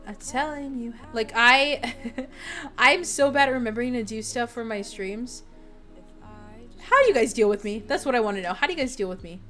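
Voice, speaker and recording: A woman's voice: on the high side, animated, normal speed, sharp tone, faint music behind. A young woman streamer chatting casually with her viewers, rambling with lots of fillers and giggles. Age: young adult.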